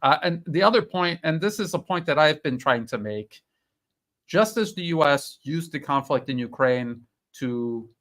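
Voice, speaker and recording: Male host giving measured analysis. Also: on the high side, lively intonation, fairly bright tone. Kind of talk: livestream discussion.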